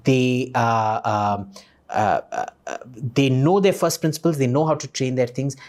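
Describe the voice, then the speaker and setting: A man's voice: mid-range voice, expressive, a little slow, a little mellow. A man speaking bluntly and emphatically as an interview guest, often swearing. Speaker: guest commentator. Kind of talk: casual interview talk.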